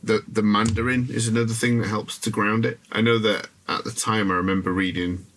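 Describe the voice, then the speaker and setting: Low bright-voiced man hosting a podcast. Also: flat delivery, brisk, slight background noise. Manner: quizmaster reading out facts, then loose and sweary. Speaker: podcast host. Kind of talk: casual film podcast chat.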